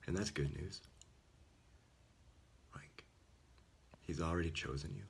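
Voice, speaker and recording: A man's voice: low voice, slow, creaky, slight background noise. A man giving an earnest, informal Christian talk, often dropping to a whisper. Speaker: Catholic speaker. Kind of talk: casual sermon.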